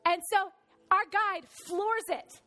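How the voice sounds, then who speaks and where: Woman pastor, high voice, sermon with lively storytelling, church setting. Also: slow. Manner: animated storytelling, swings from soft to loud.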